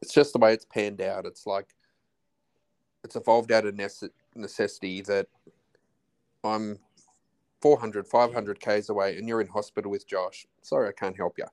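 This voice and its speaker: Low-voiced Australian man, halting chat. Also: little pitch movement, darkish tone. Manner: halting, many restarts and trailing phrases. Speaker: podcast guest, husband of host. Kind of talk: casual chat.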